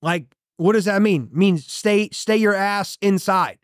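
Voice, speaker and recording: A man's voice: sits high, a little slow, dry recording, studio quality. A man in his thirties hosting a motivational show, preaching with punchy emphasis and repeated catchphrases. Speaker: motivational podcast host. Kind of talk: motivational monologue.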